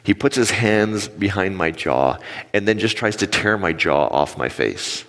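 A man's voice: low voice, measured pace. A man in his forties preaching a sermon on stage, telling stories and acting out quotes with animation. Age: 40s. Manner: animated storytelling with acted-out quotes. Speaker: pastor. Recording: long hall reverb.

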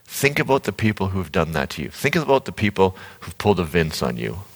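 A man giving a conversational sermon as a pastor, telling a playful story with sudden loud bursts on a stage mic. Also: sits low, sing-song, fairly quick, slightly rough. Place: large church hall. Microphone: handheld stage mic. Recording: long hall reverb.

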